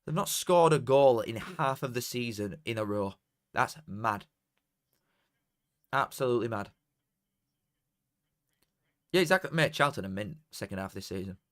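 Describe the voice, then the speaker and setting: A man's voice: mid-range voice, lively intonation, normal speed, pauses often, no room sound, clean studio sound. A young man, casually commentating on a live match and bantering with chat. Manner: banter with chat, swings from mutters to shouts. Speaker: watchalong streamer.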